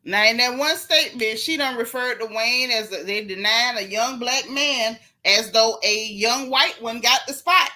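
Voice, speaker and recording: A woman's voice: on the high side, normal speed, hardly any pauses, pushed and bright. A middle-aged woman, hosting a gossip commentary show in a sassy, emphatic way, talking straight to her viewers. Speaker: host.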